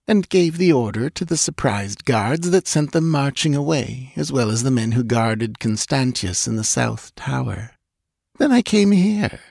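Cold, mocking young witch woman, raised pitch, read by a male narrator; storybook villainess, commanding. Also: vocal fry, a little mellow, no echo, studio quality, full character voice. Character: scheming young witch woman, cruel and gloating.

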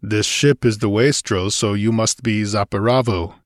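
A man's voice: dry recording, clean studio sound, close to an everyday voice. A man voicing an unflappable barbarian adventurer. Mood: calm. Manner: calm, unhurried, low-key. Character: calm, imperturbable male barbarian adventurer.

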